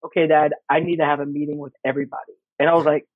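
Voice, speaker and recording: A middle-aged man speaking rapid-fire, his pitch on the high side and no room sound present. He is a game designer guest in casual chat, animatedly telling anecdotes and performing the voices within them, his husky tone thinned by a tinny, dry phone line.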